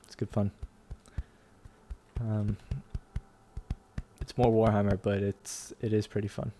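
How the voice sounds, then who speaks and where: A man's voice: fairly low pitch, level tone, slow, mellow, slight background noise. A young man chatting casually while streaming a strategy game, rambling and laughing often. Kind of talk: casual gameplay commentary. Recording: faint music behind.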